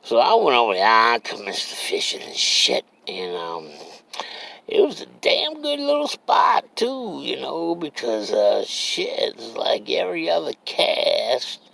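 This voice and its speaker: A man's voice: mid-range voice, huge pitch swings, unhurried, creaky, sharp tone. A man with a Cajun accent telling a rambling, profane story, drawling and often checking that he is understood. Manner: rambling, drawling, keeps asking "you understand me". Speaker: comedic storyteller. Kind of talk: casual profane storytelling monologue.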